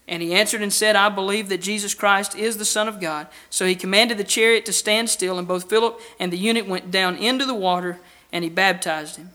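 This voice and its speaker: A man preaching a sermon in a church, earnest and emphatic, asking rhetorical questions and dropping from loud to hushed. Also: high-pitched, fairly even intonation, a little fast. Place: church building with a baptistry.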